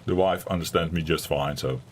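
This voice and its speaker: Playing a game on stream, a man from the Netherlands with a Dutch accent chats and rambles to his viewers between tasks as casual commentary. His voice rumbles low and moves fairly quickly, over slight background noise.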